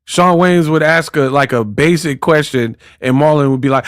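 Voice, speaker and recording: A man's voice: fairly high pitch, normal speed, hardly any pauses, dry recording, studio quality. A man in casual commentary who talks in a mocking, slangy way and acts out quotes. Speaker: boxing commentator.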